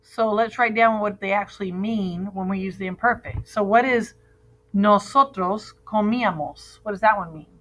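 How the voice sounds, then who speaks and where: A woman leads a classroom grammar lesson at an unhurried, steady pace. She drills verb endings call-and-repeat style, patient and clear. Her pitch sits in a plain middle range for a woman. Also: low-quality recording. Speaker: Spanish teacher.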